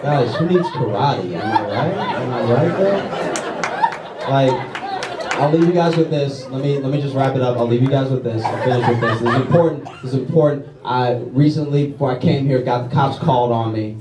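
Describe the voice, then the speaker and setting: On a comedy club stage before a laughing audience, a Louisiana man performs a self-deprecating stand-up set, tagging lines with "all right?" and "okay?" He speaks briskly at medium pitch. The roomy, distant club recording is very noisy with crowd sound.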